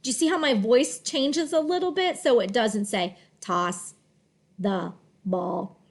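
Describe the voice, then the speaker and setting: A woman teaching a children's phonics lesson, slowly and deliberately sounding out words. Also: sits high, animated.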